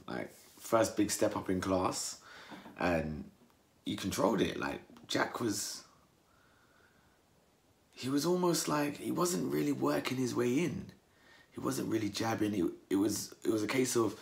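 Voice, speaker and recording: Low, gravelly young Englishman reacting to a fight. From England. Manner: animated, acts out fighters' words in mocking high voices. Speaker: boxing commentator. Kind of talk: casual post-fight reaction monologue.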